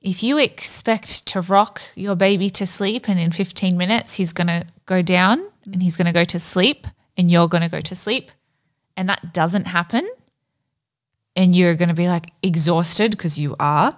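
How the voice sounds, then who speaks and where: A woman co-hosting a podcast, talking through her thoughts in a measured way with frequent fillers. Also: lowish voice. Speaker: podcast co-host. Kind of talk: casual chat.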